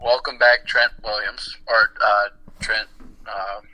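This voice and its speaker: A man's voice: on the low side, flat delivery, slow pace, sharp tone, rough recording. A man co-hosting a podcast, chatting casually, swearing freely and telling stories. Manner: profane, storytelling, acts out quoted voices. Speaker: podcast co-host. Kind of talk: casual chat.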